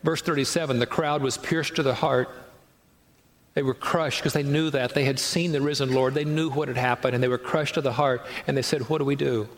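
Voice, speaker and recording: A man's voice: mid-range voice, fairly even intonation, fairly quick. A man preaching a sermon as pastor, conversational, with rhetorical questions and acted-out quotes. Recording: long hall reverb.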